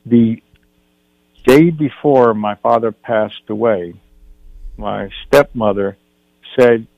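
A man's voice: fairly low pitch, slow pace, creaky, pauses often, a little mellow, dry recording. An older man, a film director guest on a radio show, telling a personal story in an earnest way, often restarting his sentences. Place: radio studio. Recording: dull radio broadcast.

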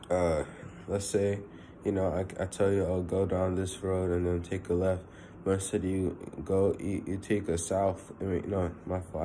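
Young male preacher, dark mellow tone, loose rambling delivery, sincere and personal. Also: deep voice, slight background noise. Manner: rambling, lots of fillers like "you know"; earnest and personal. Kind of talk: casual spoken sermon.

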